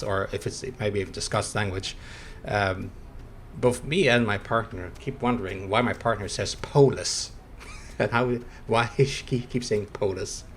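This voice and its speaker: A man's voice: fairly low pitch, a little hiss or hum. A man streaming a video game, chatting in a rambling, hesitant way and chuckling between thoughts. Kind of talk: casual gameplay commentary.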